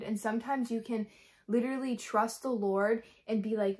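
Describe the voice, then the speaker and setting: A young woman with a fairly high voice speaks in an earnest, rambling way for a faith vlog. She keeps breaking into quoted prayers and uses plenty of casual fillers. She sounds frustrated but still hopeful. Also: fairly even intonation, moderate pace, darkish tone. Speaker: Christian vlogger. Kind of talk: candid devotional vlog talk.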